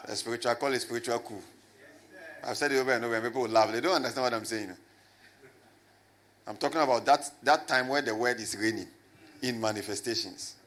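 A man preaching a lively sermon as a pastor, swinging from loud shouts to low asides and calling on the congregation to answer. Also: fairly quick, long pauses. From Ghana. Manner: animated, rising to shouts and dropping low, with call and response.

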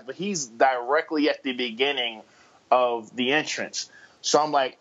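A man co-hosting a casual podcast, rambling through shout-outs and an animated anecdote, acting out what other people said. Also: mid-range voice, unhurried, muffled recording. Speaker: podcast co-host.

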